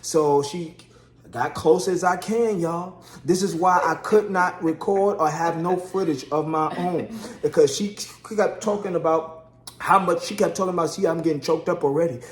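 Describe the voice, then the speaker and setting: A man spins a lively story about his wife's labor, calling out to viewers as he goes. His voice sits a little high. The room around him is echoey. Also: moderate pace. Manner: animated, chatty, addresses viewers as y'all, acts out quotes. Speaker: husband telling a birth story. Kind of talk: casual storytelling vlog.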